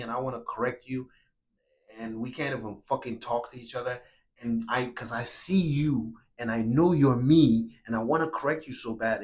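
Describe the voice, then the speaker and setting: A man delivering an impassioned solo rant, angry and profane, swinging between shouting and quiet, remorseful murmuring. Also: mid-range voice. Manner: angry, profane, repetitive and confrontational.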